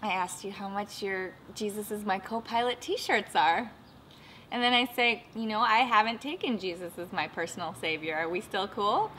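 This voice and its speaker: A woman being interviewed about her travels and voice work, talking in an animated, self-mocking way and slipping into short sung demonstrations. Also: medium pitch, moderate pace, a little hiss or hum, rough recording. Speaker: interviewee, voice actor and dialect coach. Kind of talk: casual interview with playful demonstrations.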